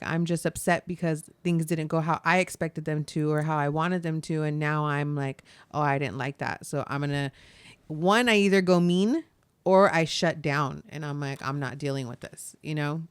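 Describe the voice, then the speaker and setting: A young woman co-hosting a podcast, chatting casually, laughing often and dropping softer when she turns reflective. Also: sits low, normal speed, clear, resonant tone, no echo. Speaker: podcast co-host. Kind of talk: casual chat.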